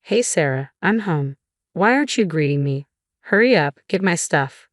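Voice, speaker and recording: A contemptuous, domineering husband barks orders and insults, as a woman reading the story plays him. The voice sits low and deep, recorded dry and close with no room sound. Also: animated, moderate pace, no echo, natural voice. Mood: scornful. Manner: yelling, contemptuous. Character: bossy, insulting middle-aged husband.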